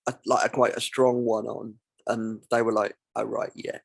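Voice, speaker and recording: A man's voice: medium pitch, level tone, normal speed, creaky. A man co-hosting a casual film podcast, chatty and explaining at length. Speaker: podcast co-host.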